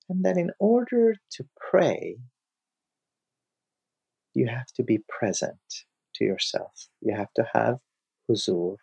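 Slow, gravelly male storyteller. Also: medium pitch, lo-fi sound. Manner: animated storyteller, acts out scenes. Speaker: lecturer on mystic poetry. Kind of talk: storytelling lecture.

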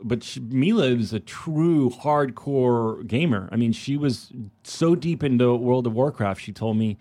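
A man's voice: mid-range voice, a little slow, dark tone. Chatty man telling stories as a podcast guest. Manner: chatty, storytelling with quoted voices. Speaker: guest, actor and filmmaker. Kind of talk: casual chat.

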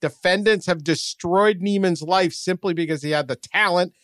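A man co-hosting a casual talk show, telling a long anecdote with growing excitement. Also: moderate pace, no echo, clean studio sound. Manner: animated storyteller, gets louder and higher when excited. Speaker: podcast co-host. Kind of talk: casual chat.

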